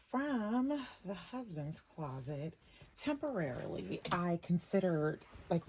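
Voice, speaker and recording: A woman with a low, darkish voice talks casually as she sorts clothes in her dressing room, a little hiss or hum audible behind her. She's a vlogger and personal stylist, chatty and emotional, choking up now and then. The camera is off, so it's voice only.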